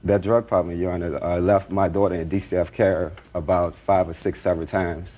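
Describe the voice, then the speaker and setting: Brief: deep-voiced male defendant, fast and rambling courtroom testimony. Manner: rambling, repeats himself, animated retelling.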